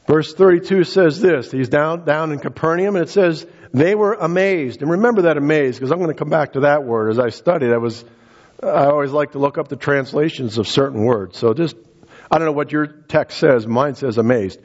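Husky-voiced man preaching a sermon. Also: brisk, dull audio. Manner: earnest, repeats words, rises in pitch for emphasis. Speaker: pastor.

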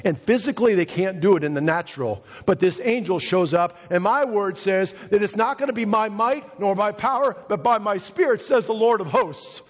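Fervent high-voiced male preacher, husky. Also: expressive, normal speed, few pauses. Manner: fervent, emphatic, repeats phrases. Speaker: pastor. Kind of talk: sermon. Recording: reverberant hall, dull lo-fi sound.

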